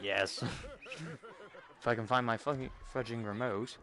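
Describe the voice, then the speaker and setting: A man hosting a gaming video, telling a game-session story in casual chat, animated and often laughing. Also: mid-range voice, unhurried, crowd noise.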